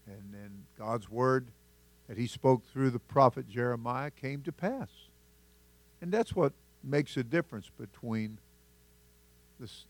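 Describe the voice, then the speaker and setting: A man's voice: medium pitch, no echo. A man, a senior pastor, preaching a sermon in a conversational way, laughing and acting out little asides to his church.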